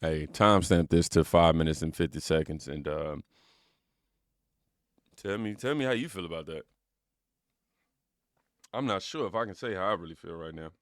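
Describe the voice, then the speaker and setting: A man's voice: sits low, moderate pace, pauses often, no room sound, studio quality. A man hosting a reaction channel, chatting in a rambling, casual way straight to his viewers. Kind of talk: casual commentary.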